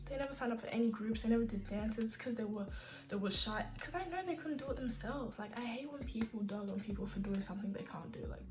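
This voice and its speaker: A woman's voice: on the high side, a little mellow. A young woman vlogging in a casual, sassy, opinionated rant, full of fillers like "like" and "you know.". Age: young adult. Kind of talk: casual ranting vlog.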